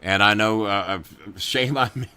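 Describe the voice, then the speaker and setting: Middle-aged male host, bright forceful voice, dry close sound, profane ranting. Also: lowish voice, unhurried, clear, resonant tone, no echo. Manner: angry, profane, loud, talks to chat viewers. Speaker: podcast host. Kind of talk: profane political rant and casual chat.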